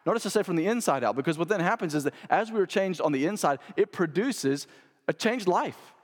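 A male pastor preaching a sermon, stressing key phrases by repeating them and moving from loud to hushed. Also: high-pitched, expressive, fairly quick. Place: church sanctuary. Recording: long reverb of a church hall.

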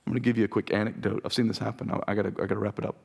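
Raspy pastor guy preaching to his church, gravelly, earnest and direct. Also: lowish voice, level tone, rapid-fire. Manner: earnest, direct, talks straight to the congregation. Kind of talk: sermon. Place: church sanctuary.

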